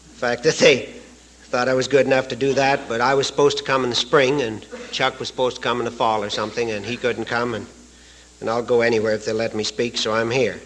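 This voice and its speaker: A man's voice: mid-range voice, flat delivery, a little fast, a bit bright, slight background noise, rough recording. A man from Canada giving a folksy, joke-filled talk at a recovery retreat, chuckling at his own stories. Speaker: AA speaker. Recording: archival live talk recording.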